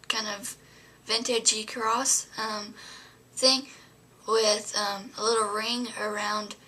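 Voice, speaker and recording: A woman's voice: mid-range voice, pushed and bright, slightly rough. A young adult woman vlogging, telling a story to camera in a rambling way, full of fillers and often dropping to a whisper.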